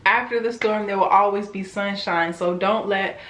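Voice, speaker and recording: A woman's voice: mid-range voice, steady tone, moderate pace, fairly bright tone. Candid young woman vlogger, echoey room. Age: 20s. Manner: candid, emotional, self-encouraging. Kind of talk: casual personal vlog.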